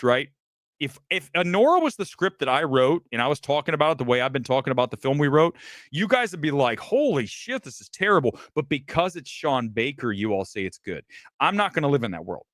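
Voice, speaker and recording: A man's voice: on the high side, a bit bright, no echo. A man hosting a film talk show, ranting in a combative, profane, emphatic way. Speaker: host.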